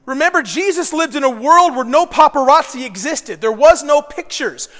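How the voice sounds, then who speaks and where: Man, pastor, conversational sermon, high-pitched, long reverb from a church sanctuary. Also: animated, normal speed, a bit bright. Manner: conversational, acts out quoted voices. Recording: long reverb of a large hall.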